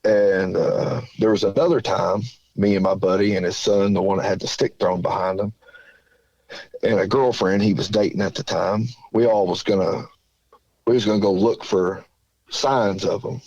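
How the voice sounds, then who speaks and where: A man's voice: fairly low pitch, fairly even intonation, normal speed, a little mellow, no room sound, dull audio. A man from southern Indiana calling in, telling a story in a rambling, folksy way with lots of fillers. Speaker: caller. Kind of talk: casual storytelling.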